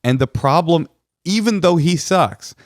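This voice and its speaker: A man's voice: a little high, expressive, a little slow, no echo. Blunt, dry-sounding male podcast host. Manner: blunt, profane and impassioned. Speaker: podcast host giving advice. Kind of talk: casual advice chat.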